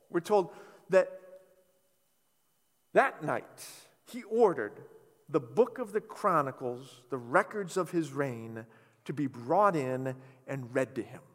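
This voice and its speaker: A man preaching a sermon, telling a scripture story in an animated, conversational way. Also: high-pitched. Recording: reverberant hall.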